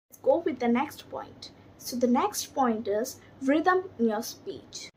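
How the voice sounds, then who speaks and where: High-voiced woman English trainer. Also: darkish tone, poor audio. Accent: Indian English. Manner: slow, deliberate delivery with demonstrative intonation. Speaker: English and soft skills trainer. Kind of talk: instructional talk to camera.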